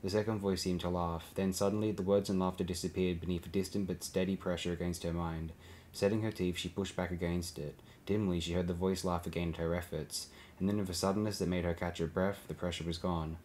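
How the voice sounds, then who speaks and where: Male audiobook narrator, very deep voice, steady low-key reading. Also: a little fast, a little hiss or hum. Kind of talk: scripted narration.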